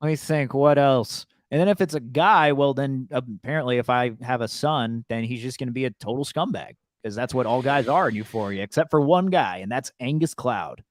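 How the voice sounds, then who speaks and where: A man co-hosting a podcast in casual chat, often halting and repeating words as he thinks. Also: mid-range voice, no room sound. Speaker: podcast co-host.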